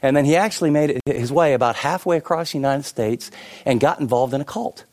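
A middle-aged man preaching a sermon, telling stories with many asides and shifting between lively and hushed delivery. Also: medium pitch, quick pace. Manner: animated storytelling with many asides. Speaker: pastor.

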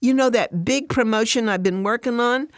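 A woman voicing a defensive, upset working mother, speaking higher and more emotionally than her narration. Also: normal speed, no echo, clean studio sound, close to an everyday voice. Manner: raised pitch, emotional and defensive.

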